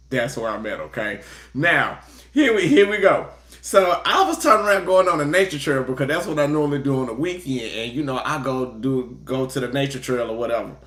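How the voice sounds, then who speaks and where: A man talks casually as a tarot reader, laid-back and chatty with a ready laugh. His voice sits in a middle pitch. The sound bounces around a roomy space. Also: a bit bright. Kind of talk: casual livestream chat and tarot reading. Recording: roomy echo.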